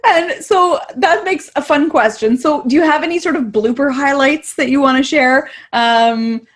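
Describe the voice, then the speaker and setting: A woman with a slightly high voice asks questions as an author and interviewer. Her manner is friendly and conversational, with casual fillers and easy follow-ups. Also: normal speed.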